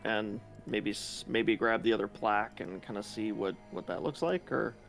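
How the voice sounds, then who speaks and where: A man chatting at a tabletop game in a loose, offhand way, swearing casually. His voice has a rough, gravelly edge. Faint music plays in the background. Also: lowish voice, normal speed, fairly bright tone. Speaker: player.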